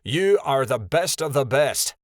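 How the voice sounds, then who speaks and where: A man doing fawning, flattering grey wolves. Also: mid-range voice, a little slow, dry recording, studio quality, pitched above the performer's own voice, lightly acted. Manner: flattering, eager.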